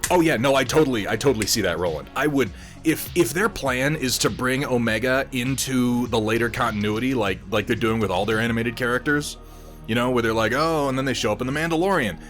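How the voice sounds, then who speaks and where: A man's voice: medium pitch, fast, fairly bright tone, faint music behind. A man hosting a casual livestream while painting miniatures, rambling, laughing often and swearing freely.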